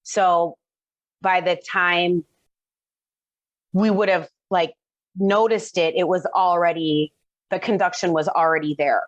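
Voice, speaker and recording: A woman's voice: on the low side, steady tone, slow, pauses often, dry recording. A middle-aged woman casually telling a personal story, rambling with fillers and restarts. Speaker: guest telling her story. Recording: dull lo-fi dry sound.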